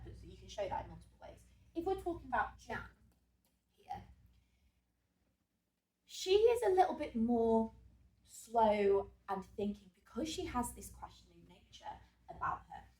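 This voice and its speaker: A woman's voice: fairly high pitch, distant mic. A woman drama teacher giving an exam revision lesson, chatty and full of fillers, who checks in with her class. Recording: echoey room, voice off-mic.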